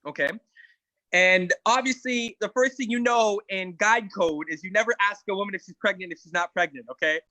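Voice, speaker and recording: A man's voice: high-pitched, fairly quick, pushed and bright, dry recording, low-quality recording. A man coaching a weight-loss group, talking emphatically and often checking in with "right?". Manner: emphatic, keeps asking "right?". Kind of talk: motivational group talk.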